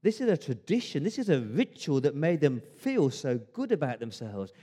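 A man preaching a sermon as pastor, conversational and emphatic, swinging between loud stresses and hushed asides. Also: fairly high pitch, big pitch swings, normal speed, breathy edge.

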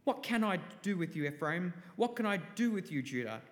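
Higher-voiced man reading scripture in a hall. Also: a little fast. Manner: steady, declamatory reading. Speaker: scripture reader. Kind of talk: formal Bible reading. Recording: long reverb of a large hall.

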